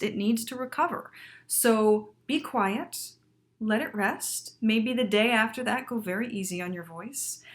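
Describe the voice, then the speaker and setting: Lively and emphatic, this woman in her thirties coaches singers through a casual video lesson with a fairly high-pitched voice. She often pauses to check in with "right?".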